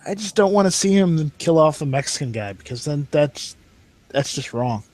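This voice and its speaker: Man, higher pitch, dry, corrective, online voice chat. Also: expressive, normal speed, darkish tone. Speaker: gamer in voice chat. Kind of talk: casual chat.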